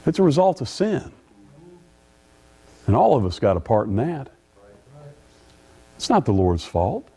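A man's voice: sing-song, unhurried, long pauses, dark tone, husky. Folksy preaching man. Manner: folksy, repeats words, rises in pitch on scripture. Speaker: pastor. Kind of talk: sermon.

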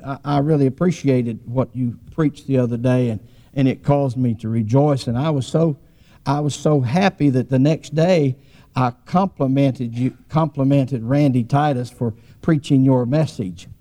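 A man's voice: mid-range voice, dark tone. Folksy preacher man. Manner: folksy, repetitive storytelling with restarts. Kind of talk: storytelling sermon.

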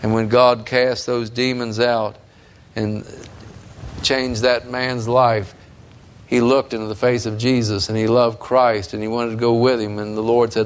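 A man's voice: medium pitch, flat delivery, unhurried, a little hiss or hum. A man preaching a sermon in a fervent, emphatic way that builds in intensity.

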